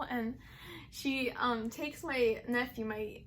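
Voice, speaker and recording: A young woman vlogger recounts her own story in loose, chatty speech, her voice sitting a little high. She rambles, circling back with plenty of "like" and "um". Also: measured pace, fairly bright tone, a little hiss or hum. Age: young adult. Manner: rambling, heavy use of "like" and "um". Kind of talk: casual personal storytelling.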